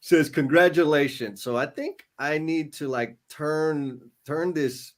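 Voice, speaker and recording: A man with a fairly high voice chats casually as co-host of a livestream. He reads viewer comments aloud and turns emotional, close to tears. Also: takes it slowly.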